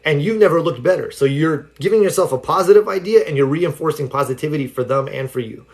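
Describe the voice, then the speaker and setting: On a home livestream, a man delivers a laid-back self-help talk at a quick pace, his voice a little high and a little mellow. The stories ramble, dotted with plenty of "like" and "you know."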